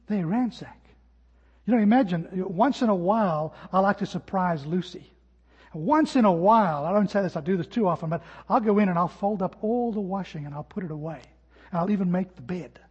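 A man preaching a sermon as pastor, telling stories and dropping his voice to a hush at key points. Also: high voice, slightly rough. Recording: dull sound with long hall reverb.

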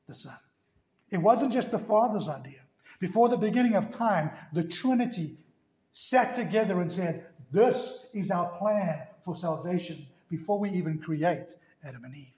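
A male pastor preaching with emphasis and piling up rhetorical questions. His voice sits high. The room around him is echoey. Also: a little mellow. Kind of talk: sermon.

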